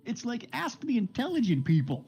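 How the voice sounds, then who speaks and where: Game streamer guy on a rambling rant, mellow low-ish tone, swears a lot, voice jumps all over. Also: huge pitch swings, normal speed, vocal fry, slightly rough, faint music behind, poor audio. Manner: profane, laughs often, rambling.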